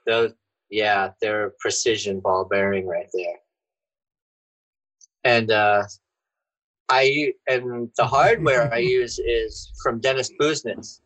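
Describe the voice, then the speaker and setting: A man's voice: medium pitch, fairly even intonation, takes it slowly, long pauses, fairly bright tone, poor audio. A man guesting on a podcast in casual chat, loose and profane, often laughing as he talks.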